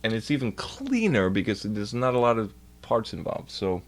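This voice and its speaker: A young New York streamer rants on a casual livestream, swearing nonstop and sounding exasperated, his loose, off-the-cuff talk at a moderate pace. His pitch swings widely, climbing high when he gets worked up.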